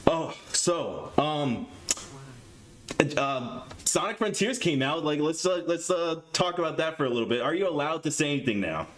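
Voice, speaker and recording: A man's voice: a little high, normal speed. Jittery young man hosting a stream. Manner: nervous, excitable, rambling with stammers. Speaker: streamer host. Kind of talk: casual live-stream chat.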